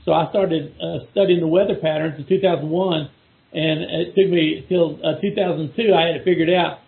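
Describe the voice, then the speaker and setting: A man's voice: fairly high pitch, fairly even intonation, normal speed, gravelly. A middle-aged man from Texas with a Texan accent, rambling in casual chat with many restarts and repeated words as a guest on a call. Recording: phone-like call audio.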